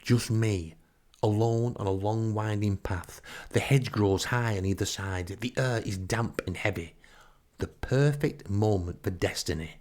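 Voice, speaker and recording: A middle-aged man with a Northern English accent, telling a comic first-person story in a wry, exasperated, deadpan way. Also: lowish voice, measured pace. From Northern England. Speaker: podcast storyteller.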